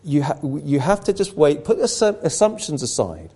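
A man's voice: mid-range voice, sing-song, fairly quick, few pauses, warm tone. Man preaching with rising emphasis. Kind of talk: sermon.

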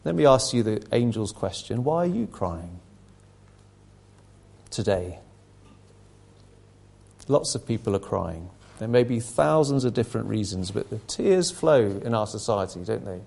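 A man's voice: on the low side, lively intonation, a little slow, vocal fry, pauses often, a little mellow, breathy edge. A middle-aged man preaching a sermon, emphatic, his intensity rising and falling.

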